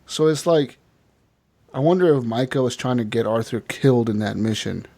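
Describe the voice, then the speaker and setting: A man's voice: mid-range voice, moderate pace, gravelly. A man co-hosting a podcast, recapping a game in casual chat, laughing often and acting out characters as he tells it. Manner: animated storytelling, acts out characters, swears often. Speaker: podcast co-host.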